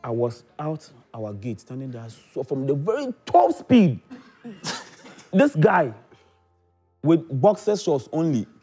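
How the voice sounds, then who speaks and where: A man with a Ghanaian accent chatting as a talk show guest, telling animated stories and acting out quotes. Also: on the high side, slow pace, pauses often, husky, soft background music. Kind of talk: casual chat, storytelling.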